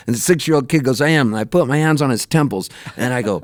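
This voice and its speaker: A middle-aged man telling lively anecdotes in a radio interview, laughing often and jumping his voice up high when he quotes himself. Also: fairly quick, hardly any pauses, no room sound, clean studio sound. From Canada, raised in Southern California. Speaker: touring musician, guest. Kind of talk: animated storytelling in a radio interview.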